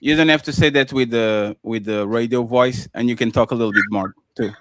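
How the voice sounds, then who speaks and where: A man's voice: mid-range voice, brisk, heavy background noise. A man on a casual livestream call who rambles and restarts while encouraging the others, swearing casually.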